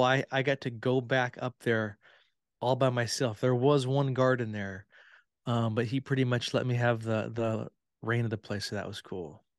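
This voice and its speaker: A man's voice: mid-range voice, dry recording. Man telling stories in a dry room. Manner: relaxed storytelling with many fillers. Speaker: podcast guest, tour guide. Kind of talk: casual chat.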